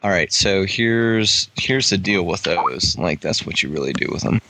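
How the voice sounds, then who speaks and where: A man's voice: sits low, lively intonation, normal speed, pushed and bright, low-quality recording. A man in casual chat over a computer call, making dry wisecracks.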